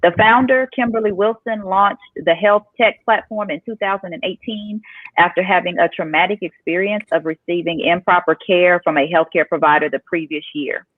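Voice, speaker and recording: A woman's voice: on the low side, steady tone, normal speed, no room sound. A woman co-hosting a talk show, reading out news items in an upbeat way. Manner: upbeat, reads items then asks for thoughts. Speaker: co-host. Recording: dry, tinny phone-like line.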